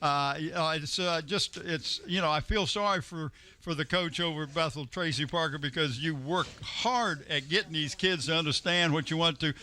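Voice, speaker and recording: Folksy bright-voiced man commentating football. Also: fairly high pitch, moderate pace, hardly any pauses. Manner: chatty, folksy, laughs easily. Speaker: sports commentator. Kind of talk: local football broadcast commentary. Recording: local cable broadcast.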